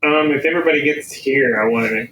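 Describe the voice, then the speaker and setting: A man's voice: medium pitch, quick pace, a bit bright, poor audio. A man playing a tabletop game, hesitantly asking questions while he plans his moves. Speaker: player.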